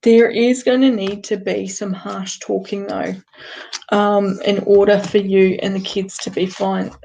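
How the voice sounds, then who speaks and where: Kiwi lady doing card readings live, kinda gravelly, asks lots of questions. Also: medium pitch, level tone, unhurried, dark tone, slight background noise, poor audio. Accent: New Zealand. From New Zealand. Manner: direct, chatty, asks rhetorical questions. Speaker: card reader.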